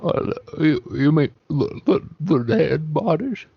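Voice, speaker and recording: A man's voice: fairly high pitch, animated, takes it slowly, creaky, breathy edge, no echo. A man playing a tabletop horror game in character, stammering nervously and trailing off. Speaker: player. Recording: muffled audio with faint noise.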